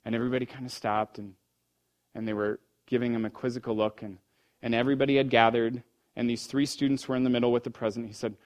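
A man's voice: mid-range voice, flat delivery, a little fast. Man preaching with rising fervor. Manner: storytelling, swings from hushed to fervent. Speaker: pastor. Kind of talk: sermon.

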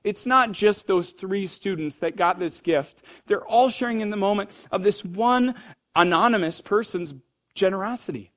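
A man preaching a sermon as pastor, telling a story that moves between hushed, low passages and fervent, raised ones. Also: normal speed.

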